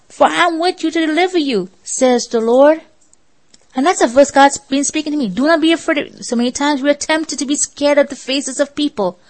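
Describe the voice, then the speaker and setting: A woman's voice: sits high, low-quality recording. A woman preaching a sermon in an earnest, exhorting way, asking her listeners rhetorical questions.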